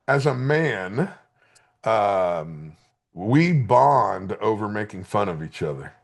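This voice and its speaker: A gravelly, husky-voiced man in his fifties hosts a podcast and banters casually with friends. His pitch jumps around freely, and he swears and jokes as he spins stories. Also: slow. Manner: profane, joking, animated storyteller. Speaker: podcast host.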